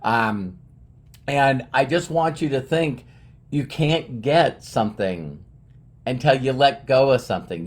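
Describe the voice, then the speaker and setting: A man in his fifties giving an earnest, rambling motivational monologue, often restarting his sentences. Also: medium pitch. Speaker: motivational speaker.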